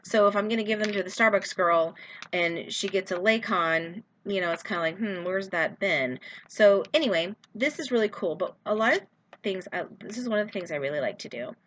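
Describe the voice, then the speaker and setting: A woman's voice: medium pitch, animated, a little fast, a bit bright, slight background noise. A woman chatting casually in a how-to video, full of fillers and asides as she shows how she prepares product samples. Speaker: direct sales consultant.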